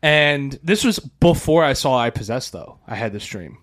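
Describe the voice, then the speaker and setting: A man's voice: mid-range voice, normal speed. A man co-hosting a podcast, telling a story in casual chat, acting out voices, swearing and laughing often. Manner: animated, acts out quoted voices, swears a lot, laughs often. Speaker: podcast co-host.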